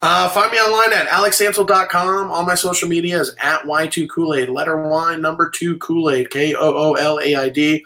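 Man, bright voice, rambling storyteller, comedian guest, video call from home. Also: on the high side, normal speed, hardly any pauses, rough recording. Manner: animated, filler-heavy storytelling. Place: home room.

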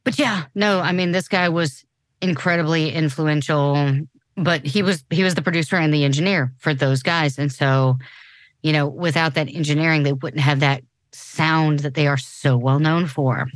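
A woman's voice: low-pitched, steady tone, normal speed, dry recording. A woman in her forties co-hosting a podcast in casual chat, talking loosely with many restarts. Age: 40s. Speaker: podcast co-host.

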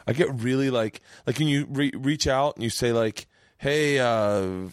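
A man's voice: medium pitch, a little slow, smooth, no room sound. A man hosting a podcast, chatting in a candid, rambling, reflective way on a studio mic. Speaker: podcast host. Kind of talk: casual podcast chat.

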